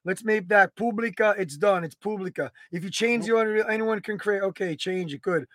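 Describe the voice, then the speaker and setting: A man in his thirties co-hosting a podcast, talking loudly in an excitable, joking and profane way. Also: high-pitched, a little fast, dry recording. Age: 30s. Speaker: podcast co-host. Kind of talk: casual podcast banter.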